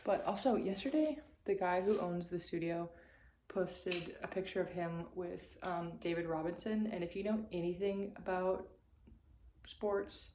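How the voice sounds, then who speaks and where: A woman artist chatting casually to camera in her studio, rambling with lots of fillers and side remarks. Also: fairly low pitch. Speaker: artist and vlogger. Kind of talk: casual vlog chat to camera. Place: indoor art studio. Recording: echoey room with steady background noise. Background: room ambience, a passing train.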